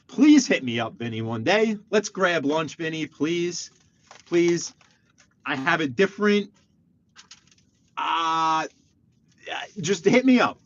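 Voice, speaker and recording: New guy talking on a live stream while driving, chatty and excitable, a bit higher voice, muffled lo-fi sound. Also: slow, pauses often, no room sound. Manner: chatty, excitable, reads viewer comments aloud. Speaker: livestreaming driver. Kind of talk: casual live-stream chat. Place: inside a car while driving. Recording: muffled lo-fi stream audio with faint road noise.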